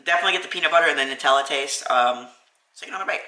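This male food vlogger talks rapid-fire in a fairly high, sharp voice while reviewing a sandwich at an indoor restaurant. Casual, chatty, and enthusiastic, he fills his speech with fillers; the phone-camera footage, shot without a tripod, sounds roomy and low-quality.

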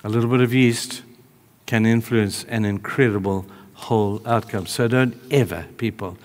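A male preacher delivering a sermon, telling a story in an animated way, moving between hushed and raised delivery. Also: on the low side, moderate pace, in a large hall.

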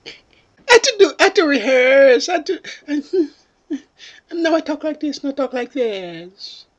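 A woman's voice: high voice, lo-fi sound. A woman voicing a whiny, foul-mouthed woman testifying before lawmakers, in a put-on baby voice that whimpers and turns crude. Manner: whimpering and teary, then crude and threatening. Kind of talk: mocking parody monologue.

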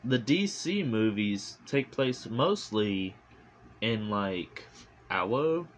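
A man reviewing a movie in a casual vlog, rambling and animated, full of fillers and swearing, recorded on a phone. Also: lowish voice, extremely slow, slight background noise.

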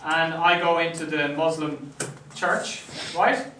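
Man, fairly high voice, lecturing, asks "right?" a lot, echoey room, distant mic. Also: steady tone, slow pace, pushed and bright, a little hiss or hum. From Ireland. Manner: conversational, checks in with "right?" often. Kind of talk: classroom lecture. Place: classroom.

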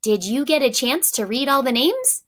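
A woman voicing a calm, caring male teacher. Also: high voice, normal speed, voice pushed up. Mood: concerned. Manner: calm, concerned. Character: kind, caring male schoolteacher.

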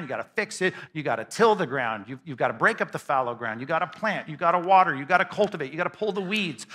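A man preaching a sermon as pastor to a congregation in a church, emphatic and conversational, often repeating words in quick bursts. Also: fairly high pitch, bright, forceful tone. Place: church sanctuary before a congregation.

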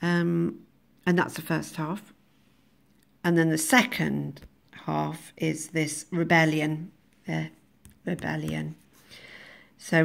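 Teacher, woman, low gravelly voice, chatty and self-mocking. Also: a little slow. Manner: thinking aloud with many ums, laughing at her own jokes. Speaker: English teacher. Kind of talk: recorded video lesson on a poem.

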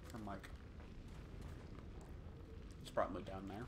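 A man's voice: low-pitched, steady tone, slow, noisy background. A man co-hosting a let's play, joking and laughing casually while he plays. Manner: joking, playful, hums and laughs. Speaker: let's play co-host, playing. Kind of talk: casual gameplay chat.

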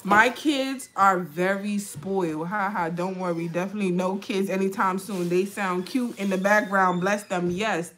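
A woman's voice: mid-range voice, steady tone, moderate pace, hardly any pauses, a bit bright, a little hiss or hum. A young woman chatting casually to viewers at home as a makeup vlogger and mom, frank and slangy, laughing often. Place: home with children nearby.

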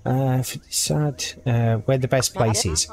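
A man's voice: mid-range voice, unhurried, crowd noise. A man casually commenting on a game as he plays, thinking aloud and reading the on-screen text. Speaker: gaming video creator. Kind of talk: casual let's-play commentary.

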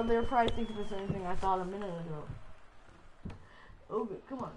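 A woman giving live commentary over a basketball video game, excitable and playful, trash-talking the players. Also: medium pitch, fast, slight background noise, rough recording. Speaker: gaming channel host.

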